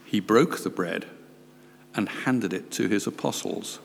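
Slow gravelly man reading scripture. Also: lowish voice, slight background noise. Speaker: scripture reader. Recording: long reverb of a church hall.

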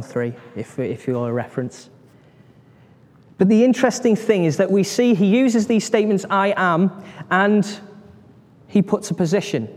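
A man preaching a sermon, telling a Bible story in a lively way, acting out voices and putting questions to his listeners. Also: high-pitched, long reverb tail. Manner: animated storytelling, acts out voices, asks the congregation questions.

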